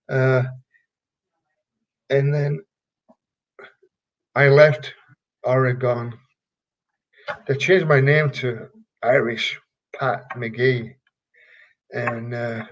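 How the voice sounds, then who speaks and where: An older man from England, a former wrestler telling stories in an interview, halting and rambling with many fillers. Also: mid-range voice. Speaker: retired pro wrestler, guest. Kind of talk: casual interview storytelling. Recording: dull lo-fi recording.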